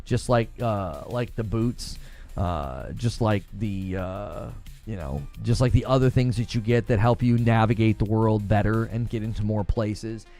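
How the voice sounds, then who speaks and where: A man's voice: fairly low pitch, a little slow, dark tone, faint music behind. A man streaming live, chatting casually about a game, rambling with repeated words and many fillers as he reads chat comments and reacts. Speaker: gaming streamer.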